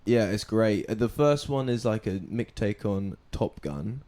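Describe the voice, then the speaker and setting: Brief: male podcast co-host, warm mellow tone, teasing, quick to laugh. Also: lowish voice. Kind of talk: casual chat.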